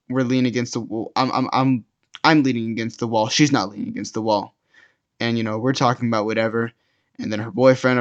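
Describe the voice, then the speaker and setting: Rambling young man telling a storytime. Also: mid-range voice. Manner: rambling, many restarts and repeated words. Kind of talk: casual first-person storytime narration. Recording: dull lo-fi sound.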